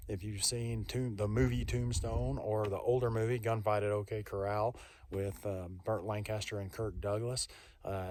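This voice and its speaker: A middle-aged man with a relaxed drawl talks in a friendly, meandering way to a handheld phone camera. He speaks from a trail out in the open air, and his voice sits a touch low. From Texas. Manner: friendly, rambling, folksy. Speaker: vlogger. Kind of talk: casual vlog to camera. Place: outdoors on a canyon hiking trail.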